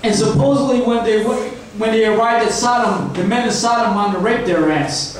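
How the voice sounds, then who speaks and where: A man's voice: high voice, normal speed. A man doing crude, rambling stand-up comedy, checking in with the crowd with a constant "right?". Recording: echoey room from far off, faint noise.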